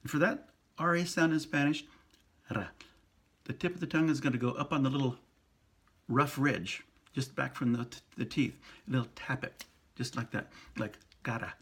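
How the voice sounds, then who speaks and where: A priest giving a casual pronunciation lesson, speaking slowly and patiently, repeating and sounding out syllables. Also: male voice, mid-range voice, fairly bright tone, husky. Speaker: priest teaching Spanish pronunciation.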